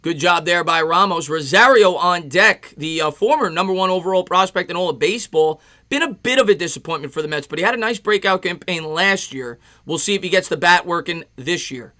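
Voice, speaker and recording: A man doing casual play-by-play on a live stream, chatting with viewers between pitches. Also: fairly quick, hardly any pauses, sharp tone. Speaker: live-stream sports host.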